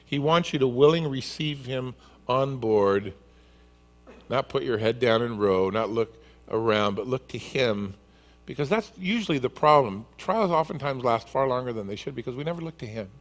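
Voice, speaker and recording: Animated male pastor preaching. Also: medium pitch, moderate pace. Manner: animated storyteller who acts out scenes. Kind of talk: sermon.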